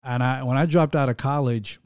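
Young guy, guest storyteller, does the voices of people he quotes; even mid pitch, dry mic. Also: fairly quick, clear, resonant tone, dry recording. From Georgia, USA. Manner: animated, acts out quoted people. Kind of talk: casual faith-based storytelling.

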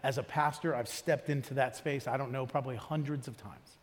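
A man's voice: mid-range voice, steady tone, fairly quick, long reverb tail. A male pastor preaching a sermon in a conversational way, often asking the congregation questions. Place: church auditorium.

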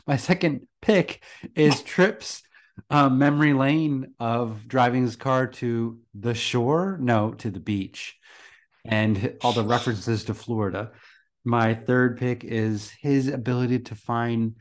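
A man co-hosting a podcast, chatting casually about a TV episode and chuckling often. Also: mid-range voice. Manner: relaxed, chuckles often, frequent restarts. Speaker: podcast co-host. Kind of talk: casual chat.

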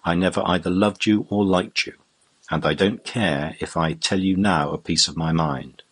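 A blunt male butler who has had enough of his master, as a man reads him. The voice is husky and very low, and the delivery is plain and defiant. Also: steady tone, moderate pace, fairly bright tone. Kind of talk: audiobook reading.

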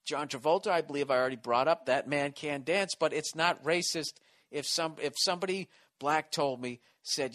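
A man's voice: mid-range voice, moderate pace, fairly bright tone. Profane ranting East Coast American man. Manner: profane, sarcastic, rambling. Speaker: podcast host. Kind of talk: solo comedy podcast rant.

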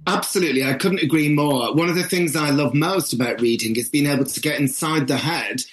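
A man's voice: a little high, brisk, fairly bright tone. A man with a northern English accent, an author talking animatedly and emphatically in an interview. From northern England. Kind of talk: interview conversation.

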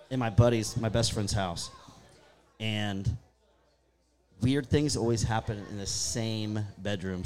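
A man, casually telling spooky stories and acting out what people said. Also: lowish voice. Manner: animated storyteller acting out his own quotes. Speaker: guest storyteller. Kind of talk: casual ghost-story chat.

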